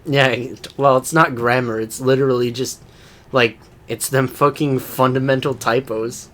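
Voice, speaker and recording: A young man co-hosting a casual podcast, swearing freely and laughing through his stories. His voice sits at an ordinary middle pitch, and he fills his pauses with plenty of uhs and likes. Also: steady tone, fairly bright tone. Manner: profane, laughs often, hesitant fillers. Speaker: podcast co-host. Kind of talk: casual crude banter.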